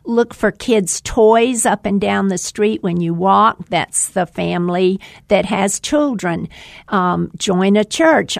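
A woman's voice: mid-range voice, creaky, no echo, studio quality. A woman guest on a podcast giving folksy, emphatic advice about making connections. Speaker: guest, women's ministry leader. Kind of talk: podcast interview.

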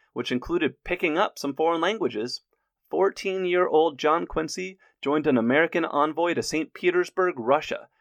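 A man narrates history from a script with lively energy and jokey asides to the listener. His voice sits a little higher than most men's. The recording is close and dry. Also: no echo.

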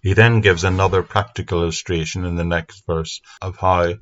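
A man giving an earnest, steady Bible teaching talk into a microphone for an online audience. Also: low-pitched, moderate pace, a little hiss or hum. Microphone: speaking into a mic. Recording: dull lo-fi sound.

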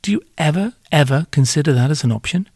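A man's voice: a little high, animated, quick pace, darkish tone, dry recording, clean studio sound. A man hosting a podcast, delivering advice to hospitality workers in a joking, sardonic, irreverent monologue.

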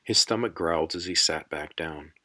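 Deep-voiced male audiobook narrator. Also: moderate pace, sharp tone. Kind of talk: scripted narration.

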